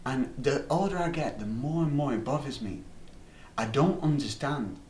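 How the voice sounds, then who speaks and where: A man's voice: medium pitch, expressive, moderate pace, darkish tone, a little hiss or hum. A man rambling through a comic anecdote, swearing freely and restarting his sentences. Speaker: comedy storyteller. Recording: roomy room, distant mic.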